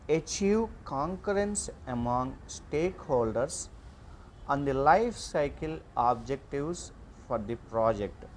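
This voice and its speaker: A man giving an online class lecture, reading out slide points in a slow, halting way with frequent fillers. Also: medium pitch, slight background noise.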